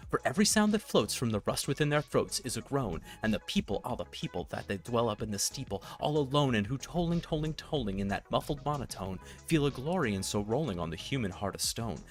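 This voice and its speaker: A man hosting a live-streamed tech tutorial, reading verse with big swells and soft drops, then chatting casually while he works. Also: mid-range voice, very animated, brisk, hardly any pauses, soft background music. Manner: reads verse expressively, swelling loud then sinking soft; casual, thinks aloud with fillers while working. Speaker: livestream host teaching tech setup.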